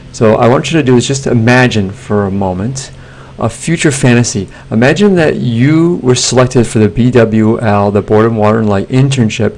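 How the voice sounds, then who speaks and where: A man, a teacher talking students through a software assignment in a relaxed screencast with plenty of fillers. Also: on the low side. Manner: relaxed, plain instructions with fillers.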